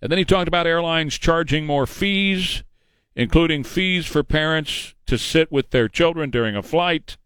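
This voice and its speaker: A middle-aged man hosting a talk show, delivering a combative, sarcastic political monologue at a fast clip. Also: on the high side, a bit bright, clear, resonant tone, no room sound. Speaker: radio talk show host.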